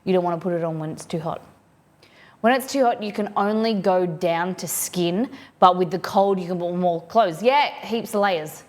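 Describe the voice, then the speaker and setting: An Australian woman livestreams from her desk at home, chatting casually with her viewers in a slightly low voice at a normal pace. She rambles and reads their messages aloud along the way.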